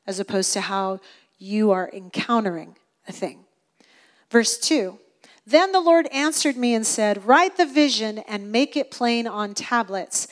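A middle-aged woman preaching a sermon in an earnest, emphatic way, repeating phrases for stress. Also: medium pitch.

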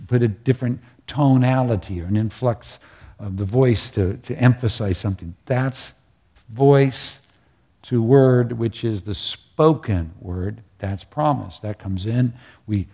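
A man's voice: medium pitch, darkish tone, slightly rough. A man preaching a sermon in a conversational, earnest way, often checking that his listeners follow him.

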